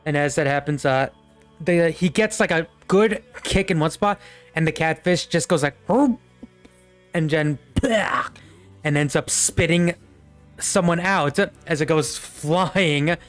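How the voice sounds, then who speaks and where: Young man, game master, tabletop narration, rambling, fillers, slightly high pitch. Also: measured pace, faint music behind.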